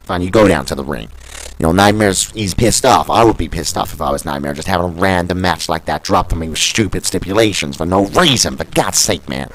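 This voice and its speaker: Deep-voiced male wrestling commentator, brash and partisan, swears often. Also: a little fast, few pauses, fairly bright tone, rough recording. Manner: blustery, cursing, openly siding with the owner. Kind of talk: scripted play-by-play commentary over a video game.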